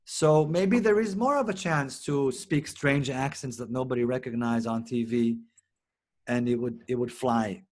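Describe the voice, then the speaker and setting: A man's voice: mid-range voice, unhurried. A man from Israel, a native Hebrew speaker, talking animatedly as an actor and director being interviewed, often restarting his sentences. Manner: animated, expressive, many restarts. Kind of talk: casual interview conversation.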